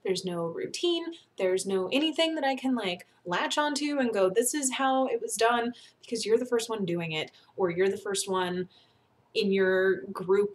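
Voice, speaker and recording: A young woman from North Carolina giving casual advice to the camera, chatty and animated, laughing often and acting out what people think. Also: mid-range voice. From North Carolina, USA. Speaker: vlogger.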